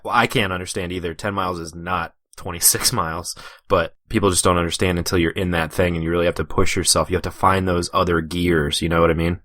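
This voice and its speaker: A man with a very low voice hosts a laid-back chat, agreeing easily and speaking in loose, everyday phrases. He sounds close to the mic in a dry, dead room. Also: dry recording. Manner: relaxed, agreeable, says "dude" and "like". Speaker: podcast host. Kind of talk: casual interview chat.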